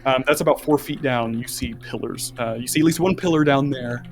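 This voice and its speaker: A man's voice: mid-range voice, a little fast. A man running a tabletop game as game master, describing scenes in a rambling way.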